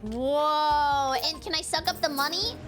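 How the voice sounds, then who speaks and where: A woman streamer giving playful, excitable commentary while she plays a game, breaking into yelps and giggles. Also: sits high, unhurried, soft background music. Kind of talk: casual gameplay commentary.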